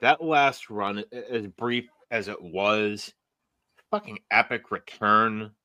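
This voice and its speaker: A man's voice: on the low side, slow pace, sharp tone, no echo. A man co-hosting a casual podcast, rambling and hedging with lots of fillers. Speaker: podcast co-host. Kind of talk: casual chat.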